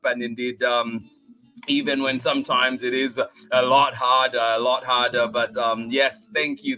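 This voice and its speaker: A man hosting a children's storytime show, chatting warmly with viewers and then reading a picture book aloud, thanking people often and laughing easily. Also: mid-range voice. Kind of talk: upbeat chat with viewers and read-aloud.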